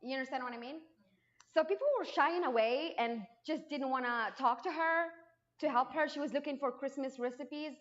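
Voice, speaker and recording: A woman from Morocco with a Moroccan accent and Arabic as her first language, telling her personal testimony at church in a lively way with frequent restarts. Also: sits high, normal speed. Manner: lively storytelling with frequent restarts and acted quotes. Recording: dull lo-fi sound.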